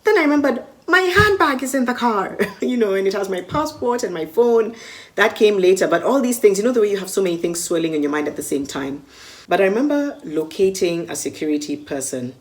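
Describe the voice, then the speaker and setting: A Kenyan woman recounting a personal story vividly and acting out the dialogue. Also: on the low side. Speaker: media personality recalling a con.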